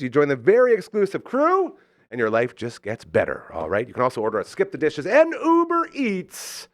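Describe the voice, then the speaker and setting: A man hosting a live podcast, effusive and enthusiastic, swinging between loud excitement and soft sincerity while reading sponsor spots. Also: fairly high pitch, normal speed, no echo, studio quality. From Canada. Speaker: host. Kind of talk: live podcast talk with ad reads.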